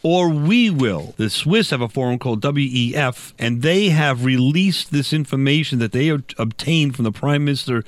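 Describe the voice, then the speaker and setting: A man's voice: medium pitch, moderate pace, hardly any pauses, no echo. A man hosting a casual talk show, rambling and correcting himself with jokey asides. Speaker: show host.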